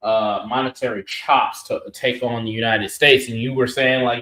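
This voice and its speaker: A man's voice: mid-range voice, moderate pace, few pauses, a bit bright. Heated, profane man in an echoey room. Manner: profane, emphatic, argumentative. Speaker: co-host. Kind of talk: heated political reaction chat.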